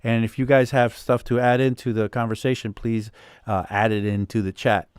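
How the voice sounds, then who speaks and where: Man, live stream host, smooth clear voice, dry close sound, rambling with fillers. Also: mid-range voice, flat delivery, normal speed, dry recording. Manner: rambling, full of fillers and restarts, laughs easily. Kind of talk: live Q&A on music production. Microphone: video call.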